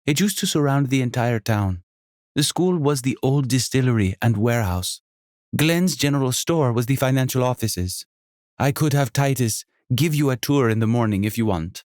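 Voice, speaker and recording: Man playing innkeeper woman in her sixties, faint Jamaican accent, chatty, rapid-fire, raised voice, audiobook. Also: medium pitch, expressive, a little mellow, no echo, studio quality, voice pushed up, close to an everyday voice. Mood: bubbly. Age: 60s. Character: energetic woman in her sixties running an inn.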